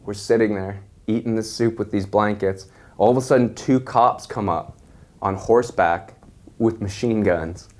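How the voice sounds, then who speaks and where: A young man telling a wild story in a casual, animated way, swearing constantly. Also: lowish voice.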